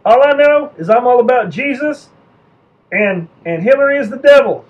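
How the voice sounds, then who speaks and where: A man's voice: extremely high pitch, animated, normal speed, dull audio, voice pushed up. Man doing a stubborn drawling rural guy.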